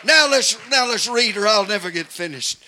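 Older preacher, high bright tenor, slow folksy build to shouts. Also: male voice, animated, a faint crowd, slight background noise. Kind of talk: fiery revival sermon.

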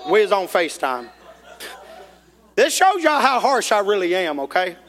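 Male preacher, bright and forceful tone, folksy and animated, recorded in a reverberant church hall. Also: sits high, moderate pace. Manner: folksy, animated, rises to shouting. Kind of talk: sermon storytelling.

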